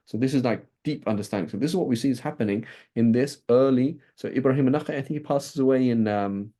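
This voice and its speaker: A man teaching a class on Islamic texts, talking in a lively, conversational way with frequent "right?" checks and restarts. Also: mid-range voice, quick pace.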